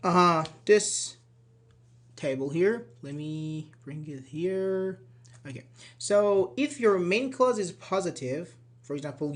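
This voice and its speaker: A man giving an online English grammar lesson, lively and full of rhetorical questions to the viewer. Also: fairly high pitch, takes it slowly. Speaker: English teacher.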